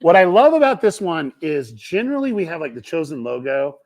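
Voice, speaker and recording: A man's voice: a little high, very animated, fairly quick. A middle-aged man hosting a livestream from a film set, casual, playful and jokey, rambling as he talks. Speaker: show co-founder and livestream host.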